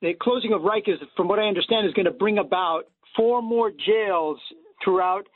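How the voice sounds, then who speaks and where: A man's voice: sits high, moderate pace, slight background noise. A man calling in to a radio show, polite and hesitant with many fillers. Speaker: caller. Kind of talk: call-in radio question. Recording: tinny phone line.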